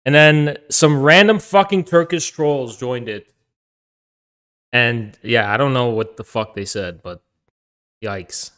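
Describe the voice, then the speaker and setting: A man's voice: mid-range voice, slow pace, long pauses, a bit bright. A man chatting casually on a stream, swearing a lot and breaking into helpless laughter. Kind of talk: casual live-stream chat.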